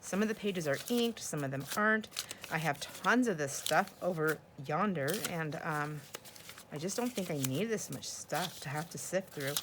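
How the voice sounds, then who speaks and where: An older woman talks casually and rambles as she sorts through craft scraps at home, laughing now and then. Her voice sits on the lower side, and a faint hiss of noise runs underneath. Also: lively intonation, moderate pace. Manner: chatty and rambling, often laughing. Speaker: craft vlogger. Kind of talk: casual chat while sorting craft supplies.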